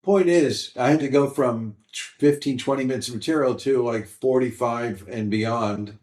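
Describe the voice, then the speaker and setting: A stand-up comedian in his sixties, telling animated stories from his career in an interview. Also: mid-range voice, moderate pace. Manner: animated anecdotes, mimics voices in quotes. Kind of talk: storytelling interview. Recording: roomy echo.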